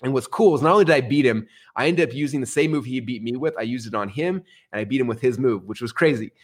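Fast-talking man telling his story. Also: medium pitch. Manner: animated, swings into excited outbursts. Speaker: podcast guest. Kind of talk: casual storytelling.

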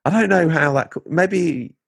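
A man's voice: fairly high pitch, normal speed, vocal fry, breathy edge, no echo, studio quality. A young man with an English Lincolnshire accent, co-hosting a casual chat in a jokey, playful way. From England. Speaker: podcast co-host.

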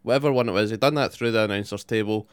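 Low, smooth man, sweary. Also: rapid-fire, no room sound. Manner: sweary, blunt, opinionated. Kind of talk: casual chat.

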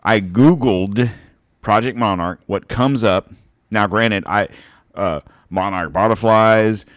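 A man's voice: on the low side, slow pace, a bit bright, dry recording, studio quality. A man on a podcast chatting casually, joking, swearing and rambling, a few beers in and burping. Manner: rambling, joking, profane, laughs often. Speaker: podcast co-host.

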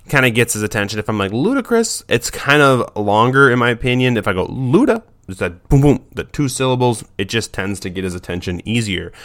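A man's voice: on the low side, a bit bright. A young man who trains dogs, giving casual tips and talking in a rambling way with many restarts. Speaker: dog trainer. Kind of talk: casual instructional talk.

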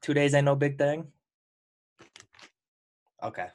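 A man's voice: a little high, slow pace. A young man co-hosting a casual podcast, talking anxiously and doubting himself. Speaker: podcast co-host. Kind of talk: casual chat.

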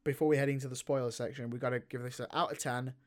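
A British man hosting a film podcast, chatting casually and excitably, laughing and swearing often. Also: medium pitch, rapid-fire. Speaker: podcast host. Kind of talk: casual film review chat.

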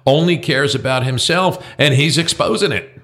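Bright-voiced blunt man, talk co-host. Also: on the high side, moderate pace. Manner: blunt, swears, trails off into restarts. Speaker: podcast co-host. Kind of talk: casual political chat.

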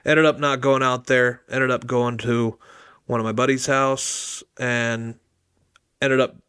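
A man's voice: mid-range voice, little pitch movement, takes it slowly, fairly bright tone, smooth, no room sound. Laid-back young man, dry sound. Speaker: podcast co-host. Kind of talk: casual chat.

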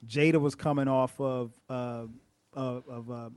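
A man's voice: mid-range voice, fairly even intonation, measured pace, a little mellow, clean tone, dry recording. Middle-aged guy rambling on a movie podcast, dead dry close mic. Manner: laid-back, thinks aloud with restarts. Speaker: podcast co-host. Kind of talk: casual movie chat.

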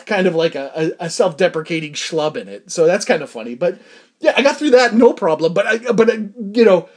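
A man's voice: high voice, expressive, brisk. A young man ranting casually and comically, exasperated and laughing often, with lots of fillers. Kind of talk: casual comedic rant.

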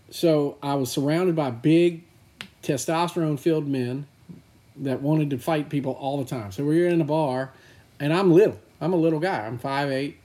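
Chatty laid-back man, higher voice. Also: warm tone. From Louisiana, North Shore. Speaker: podcast host. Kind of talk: casual podcast chat.

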